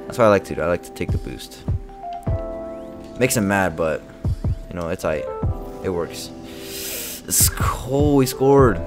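A young man giving live commentary over his own gameplay, excitable and trash-talking, swinging between muttering and shouting. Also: sits low, a little slow, pauses often, over music. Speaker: gaming video creator.

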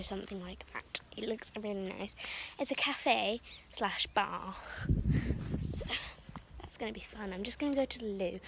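A woman's voice: fairly high pitch, noisy background. A schoolgirl in her early teens, chatting playfully to her phone camera at home. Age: young teen. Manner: chatty, playful, talks to her pets in a silly voice. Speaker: vlogger. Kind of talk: casual vlog chat. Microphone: phone camera held close.

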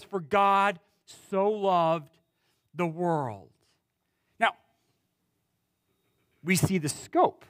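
Pastor guy preaching slow, high voice, big pauses, goes loud then drops real quiet. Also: no room sound, clean studio sound. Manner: preaching with dramatic pauses and wide swings in pitch and loudness. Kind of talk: sermon.

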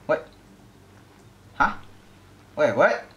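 A young man giving casual gameplay commentary, excitable and yelping at the game. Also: extremely slow, dull audio. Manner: excitable, yelps and shrieks at the game. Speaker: gaming YouTuber.

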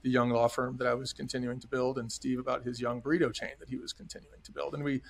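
A middle-aged man, formerly an executive at a restaurant chain, is a guest on a podcast, talking quickly at medium pitch with little pitch movement and a creaky voice. He narrates earnestly and with emphasis, regularly acting out others' dialogue.

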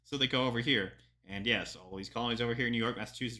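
A man's voice: medium pitch, very fast, pushed and bright. A young man, a historian, reacting to a history video in casual chatty commentary with lots of ums and joking asides.

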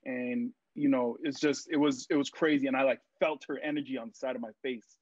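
A young man and actor, a podcast guest, telling stories in a casual interview, lively and full of fillers as he acts out what people said. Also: mid-range voice, a little fast, no room sound. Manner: animated storyteller, acts out quotes, many fillers. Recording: dry, muffled lo-fi sound.

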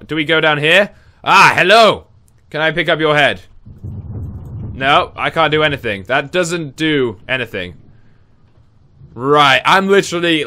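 A man giving casual let's play commentary on a horror game, chatty and confused, reacting out loud. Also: a little high. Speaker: gaming video host.

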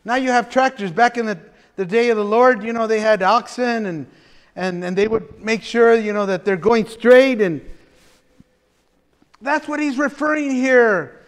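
A man's voice: very high-pitched, unhurried. A man preaching a conversational sermon as pastor, chatty and folksy, with frequent laughter and restarts. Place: church sanctuary. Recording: reverberant church hall.

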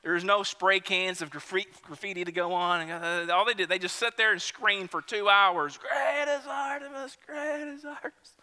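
A male pastor, preaching a sermon in a relaxed, conversational, storytelling way. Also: sits high, normal speed, few pauses, smooth, long reverb tail. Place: church sanctuary.

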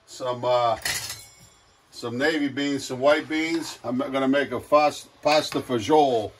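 A man's voice: medium pitch, fairly even intonation, measured pace, a little hiss or hum. An older man hosting a casual cooking demonstration, talking in a rambling, folksy way full of fillers and restarts. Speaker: cooking show host.

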